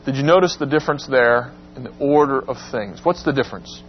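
A man teaching a Bible class, asking the class questions and acting out the quoted lines in a dramatic voice. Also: a little fast. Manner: questions the class and acts out quotes with rising pitch. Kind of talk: interactive Bible class lecture. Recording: dull lo-fi recording with faint hum.

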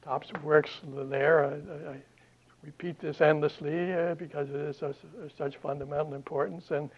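A man giving a classroom Bible lecture, halting often with fillers and restarts. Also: fairly high pitch, level tone, vocal fry, slight background noise. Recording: dull lo-fi lecture recording.

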